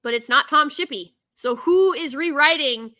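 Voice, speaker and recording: A woman's voice: high voice, moderate pace, sharp tone. A woman hosting a casual commentary chat, talkative and laughing often, with frequent restarts. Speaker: host.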